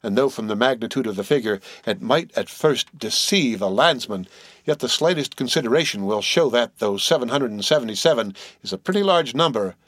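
A male narrator reading a classic novel aloud, measured and gently wry. His voice sits at a middling pitch, recorded close and dry with no room sound. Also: lively intonation, no room sound. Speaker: audiobook narrator. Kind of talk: literary audiobook narration.

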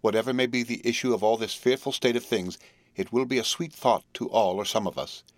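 A man's voice: mid-range voice, no echo, natural voice. Man reading as a solemn, resolute young wife. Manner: earnest, pleading, measured. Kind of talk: audiobook character reading.

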